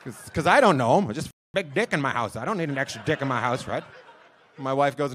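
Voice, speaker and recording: Brief: male comic doing stand-up, loud and rambling, plays every voice in the story himself, mid-range voice, faint hiss behind him. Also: mid-range voice, lively intonation, brisk. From lives in Long Beach, California. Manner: loud, rambling, acts out voices of wife and dog. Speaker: stand-up comedian. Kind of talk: stand-up comedy set. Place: comedy club stage before a live audience.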